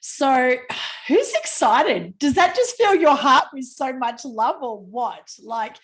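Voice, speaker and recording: A woman's voice: high voice, animated, slow, a bit bright. A woman hosting a team video call, talking in a bubbly, effusive way and laughing often. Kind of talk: casual video call presentation.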